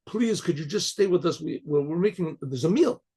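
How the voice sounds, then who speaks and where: A man's voice: on the high side, lively intonation, brisk, mellow, breathy edge. A man doing a pleading, grateful father. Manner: pleading, effusive.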